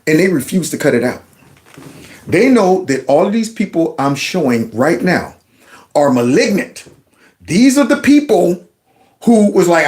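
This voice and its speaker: Middle-aged male commentator, fired up and sarcastic, higher pitch. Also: sing-song, measured pace, long pauses, a little mellow. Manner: heated, mocking, mimics voices. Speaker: political commentator. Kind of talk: ranting reaction commentary.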